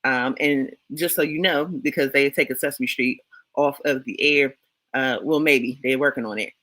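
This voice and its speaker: A man's voice: medium pitch, steady tone, moderate pace, sharp tone, no room sound, low-quality recording. A man from Washington, D.C., with a local accent, co-hosting a casual livestream talk show and greeting viewers in the chat with slang.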